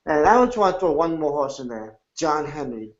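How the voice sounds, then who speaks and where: Brief: man handicapper, slightly high voice, halting casual chat, muffled lo-fi sound. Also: big pitch swings. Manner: hesitant, full of "I mean" and restarts. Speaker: horse racing handicapper. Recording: dull lo-fi recording.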